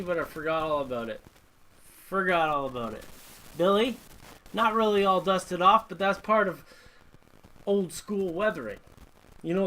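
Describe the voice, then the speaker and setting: A man with a high voice chats loosely on a live stream from his home workshop. He rambles from topic to topic and greets viewers as he reads their comments. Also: sharp tone, a little hiss or hum, rough recording. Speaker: host of a live model-building stream. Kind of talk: casual live-stream chat.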